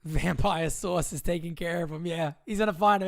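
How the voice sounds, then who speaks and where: A man's voice: a little high, normal speed, creaky, no echo, studio quality. A young man hosting a casual sports livestream, rambling and joking as he reads out viewer comments. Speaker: livestream host.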